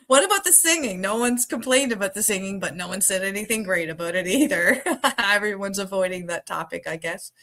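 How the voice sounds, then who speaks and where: Hosting a laid-back live trivia stream, a woman speaks in a bright, forward, mid-range voice. She chats casually with her viewers, laughs a lot, and takes her time reading out the answer choices.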